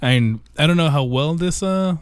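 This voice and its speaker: A man's voice: fairly high pitch, lively intonation, normal speed, dry recording, clean studio sound. A man co-hosting a casual podcast chat, joking and bantering. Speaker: podcast co-host.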